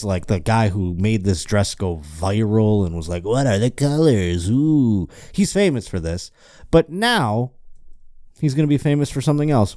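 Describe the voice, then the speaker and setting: Hungover male host, rambling joking delivery, dark mellow voice, dry close sound. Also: medium pitch, dry recording. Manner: rambling, joking, self-interrupting. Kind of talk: casual comedic news chat.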